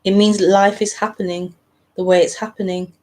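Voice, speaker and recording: A middle-aged woman teaching nonduality on a live home broadcast, speaking slowly and reflectively with long pauses. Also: mid-range voice, little pitch movement. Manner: slow, reflective, with pauses and soft laughs. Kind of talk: live spiritual talk.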